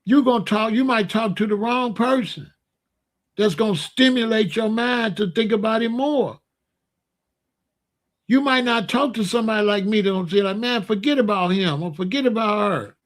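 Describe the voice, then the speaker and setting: A man's voice: high-pitched, normal speed. A man talking casually and playfully in slang, giving loose, joking relationship advice straight to his listeners. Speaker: online talk host giving relationship advice.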